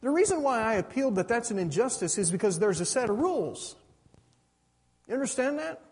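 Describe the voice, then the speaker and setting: A man's voice: very high voice, very animated, fairly quick, a little mellow, slightly rough. A middle-aged man preaching a sermon, pressing his points with rhetorical questions and asking "you understand that?". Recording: reverberant hall.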